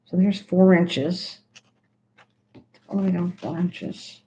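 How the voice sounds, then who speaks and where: A woman's voice: on the low side, steady tone, slow, dark tone. Chatty older woman crafting. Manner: chatty, rambling, stops mid-sentence and restarts. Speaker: host of a crafting livestream. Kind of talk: casual craft demonstration chatting with viewers.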